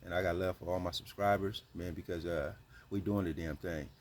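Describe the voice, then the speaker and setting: A man's voice: deep voice, fairly even intonation, fairly quick, a little hiss or hum. A man hosting his channel, giving earnest, slangy advice in a casual monologue. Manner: earnest, slangy, repeats points.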